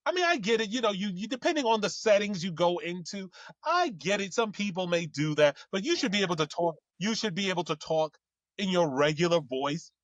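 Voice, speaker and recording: A man's voice: sits high, animated, a little fast, a bit bright, no echo. A man co-hosting a casual chat, rambling with lots of fillers and restarts. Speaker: co-host.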